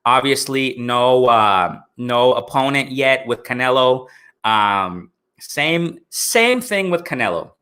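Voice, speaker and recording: A man talks with a bright, forceful voice at a middle pitch. He hosts a casual live stream and answers chat as it comes in. He keeps checking in with his listeners as he talks. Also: animated, takes it slowly. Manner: talkative, repeats "you know what I'm saying". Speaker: host of a live boxing stream.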